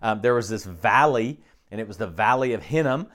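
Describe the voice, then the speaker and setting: A man's voice: fairly low pitch, lively intonation, brisk, a bit bright. A man preaching a conversational sermon, often checking in with the listeners by asking "okay?". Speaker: pastor.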